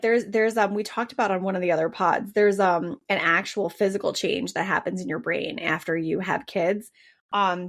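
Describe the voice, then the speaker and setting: A woman in her thirties hosting a podcast, talking casually with many fillers and restarts. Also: on the low side. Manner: chatty, lots of fillers and restarts. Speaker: podcast host.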